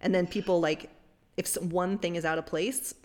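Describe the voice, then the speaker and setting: Woman, lowish voice, emphatic sports journalist trading quips in casual panel chat. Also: steady tone, moderate pace, darkish tone.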